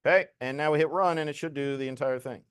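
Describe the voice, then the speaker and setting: A man's voice: fairly high pitch, fast talker, smooth, dry recording, studio quality. A man teaching a programming lesson to a class, explaining code casually as he demonstrates it.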